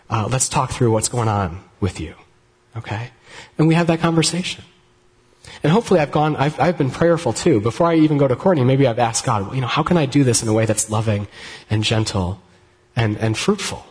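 A man preaching a sermon in a conversational, gently humorous way, often restarting his sentences. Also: medium pitch. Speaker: pastor. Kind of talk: sermon with live demonstration.

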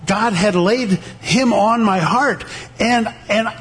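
High-voiced older man, veteran sharing a testimony, halting delivery with lots of restarts, acts out the voices in his story. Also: a bit bright. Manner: halting, with many restarts and repeated words.

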